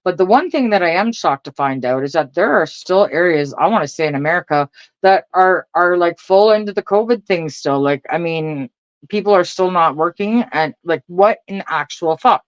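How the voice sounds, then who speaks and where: A woman's voice: on the low side, lively intonation, normal speed, no room sound. Lady in her 40s or 50s venting, swears a lot, keeps laughing, dry lo-fi sound. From Canada. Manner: blunt and profane, laughs often between lines. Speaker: vlogger. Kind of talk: casual profane rant.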